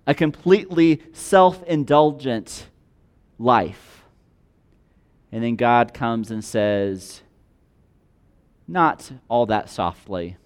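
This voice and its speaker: A man's voice: takes it slowly, long pauses. A man preaching a sermon, reading a passage aloud and then explaining it in plain everyday words. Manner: reads scripture aloud, then explains it in plain conversational terms; voices the rich man's and God's words with shifting pitch and loudness. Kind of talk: sermon on a parable.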